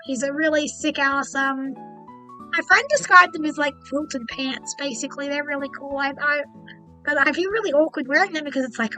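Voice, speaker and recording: A woman's voice: high-pitched, normal speed, sharp tone, soft background music, poor audio. A young woman streaming as a VTuber, telling a rambling story and acting out her own thoughts as quoted asides.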